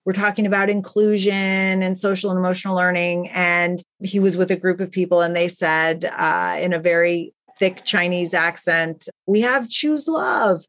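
A woman guest on a podcast, telling stories in an earnest, animated way about the work she does. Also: fairly low pitch, normal speed, few pauses. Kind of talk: enthusiastic interview talk.

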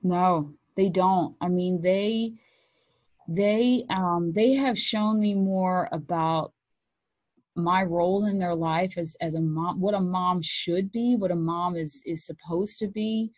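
A woman's voice: fairly low pitch, slow pace. Candid woman telling a personal story. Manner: animated and candid, acting out her own and others' words. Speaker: guest, mother of blind sons.

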